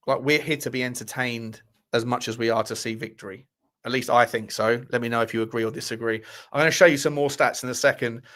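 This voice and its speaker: Bright-voiced man, rambling. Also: mid-range voice. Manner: rambling, self-correcting, jokey with live chat. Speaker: football fan channel host. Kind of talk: live-streamed casual chat.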